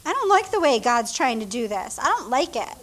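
A woman preacher voicing a proud man who whines indignantly in a high, complaining voice. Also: sing-song, a little fast, fairly bright tone.

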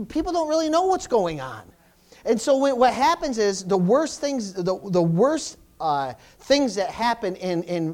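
Speaking in a mid-range voice, a pastor preaches to a congregation in church. The delivery often restarts phrases and includes calls of "amen?" and "praise the Lord."

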